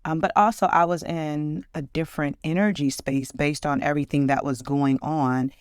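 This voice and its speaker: This is a casual solo podcast where a woman in her forties shares her life in warm, upbeat, reflective stories. Her clear, resonant voice sits low, with fairly even intonation and a moderate pace. There's no room sound, just clean studio audio.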